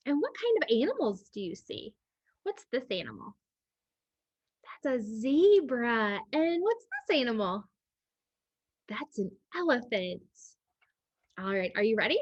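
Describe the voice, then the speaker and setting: A woman librarian leading a children's storytime, reading a picture book aloud in a slow, animated way and asking the young listeners questions. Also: fairly high pitch, slightly rough, no room sound, dull audio.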